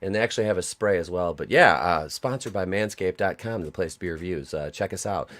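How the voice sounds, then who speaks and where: A man's voice: low voice, a little fast, fairly bright tone. A man on a casual online panel, rambling and stammering as he jokes along. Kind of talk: casual panel chat on a livestream.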